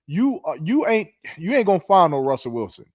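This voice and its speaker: A man with a fairly high voice lectures his listeners, scolding and swearing as he preaches. The recording sounds dull and dry, with no room around it. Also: sing-song, a little fast, no echo. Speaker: podcast host. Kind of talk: heated commentary.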